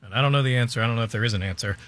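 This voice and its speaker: A man's voice: mid-range voice, rapid-fire, fairly bright tone. A man co-hosting a radio show, easygoing and casual, asking leading questions in banter. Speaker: radio co-host.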